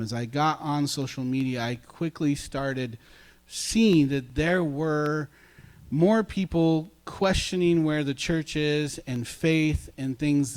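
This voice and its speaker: A man's voice: a little high, darkish tone. A man preaching a casual sermon as pastor, chatty and self-deprecating, bantering with his congregation.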